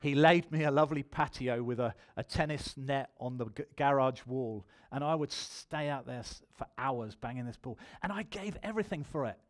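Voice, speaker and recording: A man's voice: mid-range voice, normal speed, few pauses. A man preaching a sermon in church, telling his own testimony and building to emphatic appeals.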